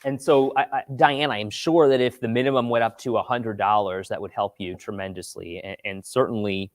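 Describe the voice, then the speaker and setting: A man co-hosting a morning talk show, chatting casually, telling animated stories, and reading viewer comments aloud in a TV studio. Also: lowish voice, fairly quick, no echo. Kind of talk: casual chat.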